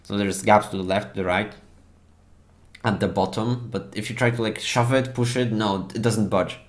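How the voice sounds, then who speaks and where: A man narrating as dungeon master for a tabletop game, halting and full of fillers. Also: on the low side, steady tone.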